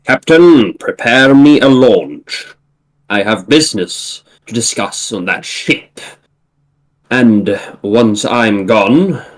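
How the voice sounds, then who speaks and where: A man's voice: fairly low pitch, expressive, slow, rough recording. A man doing a cold, commanding imperial official. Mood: resolved. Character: scheming fleeing male imperial official. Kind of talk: comic read-aloud voice acting.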